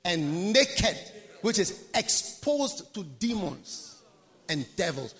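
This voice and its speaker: High, bright-voiced preacher in a hall. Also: male voice, big pitch swings, measured pace. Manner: emphatic, repetitive, dramatic swings. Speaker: pastor. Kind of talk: sermon. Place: large conference hall.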